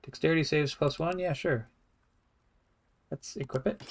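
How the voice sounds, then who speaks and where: A man's voice: on the high side, normal speed, slight background noise. A man giving casual, rambling let's-play commentary, thinking aloud in a wry tone. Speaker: gameplay streamer.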